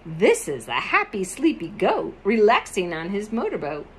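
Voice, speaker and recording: A woman's voice: mid-range voice, wildly swooping pitch, moderate pace, a little hiss or hum. A woman reading a picture book aloud expressively, adding chatty asides about the pictures.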